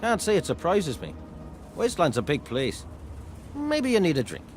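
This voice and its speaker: An actor with an Irish accent playing a sly, scheming male saloon owner in a video game, talking in a smooth, sardonic, wheedling way. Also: on the high side, huge pitch swings, normal speed. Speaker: game character. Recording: game audio with music underneath.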